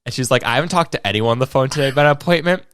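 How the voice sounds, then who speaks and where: A man's voice: medium pitch, racing, fairly bright tone, smooth, no room sound, studio quality. A young man co-hosting a casual podcast, telling a story with lots of swearing and quoted voices. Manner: swears a lot, tells stories with quoted voices. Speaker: podcast co-host. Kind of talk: casual chat.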